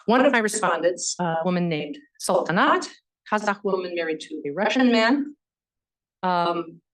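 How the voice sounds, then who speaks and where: A woman with a fairly low voice delivers an academic history lecture. She explains her points in a measured way and fills her pauses with "um" and "you know". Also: animated, poor audio. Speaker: history professor giving a lecture.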